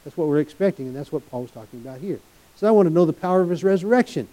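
A man preaching a sermon in an earnest way, with folksy asides, swinging between loud and soft. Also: on the high side, animated, very fast, poor audio.

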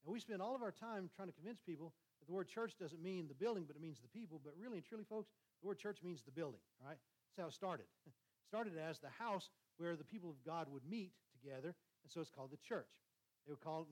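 A man preaching a conversational sermon, talking quickly with frequent restarts and checking in with "all right?". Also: on the high side, lively intonation, a little mellow, low-quality recording.

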